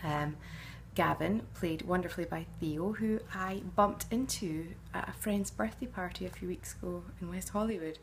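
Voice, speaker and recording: A woman's voice: lowish voice, normal speed, few pauses, a little hiss or hum. A middle-aged woman, an actress answering fan questions in a casual, chatty way, musing and often hesitating.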